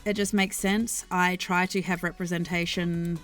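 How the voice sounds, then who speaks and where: A woman's voice: lowish voice, flat delivery, normal speed. An Australian woman chatting casually on a live stream, rambling thoughtfully with many ums and restarts as she answers chat. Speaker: streamer and worldbuilder. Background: faint background music.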